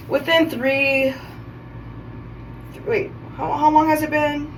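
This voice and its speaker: A woman's voice: sits high, slow, recorded from a distance, low-quality recording. A woman hosting a casual self-care video, chatting while she styles her hair and often stopping to correct herself mid-sentence. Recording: voice a bit off-mic, faint background noise.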